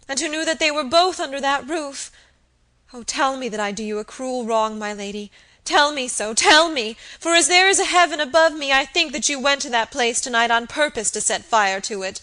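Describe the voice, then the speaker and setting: Frantic sobbing young maid, put on by a woman reader: high, shrill, pleading at full volume. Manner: frantic, high and loud, breaking into sobs.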